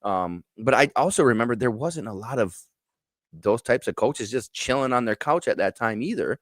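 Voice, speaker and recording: A man from Michigan's Upper Peninsula, with a Yooper accent, guests on a casual sports talk show, giving frank, opinionated takes and stammering through restarts. His mid-range voice is animated and moderately paced, recorded at studio quality with no room sound.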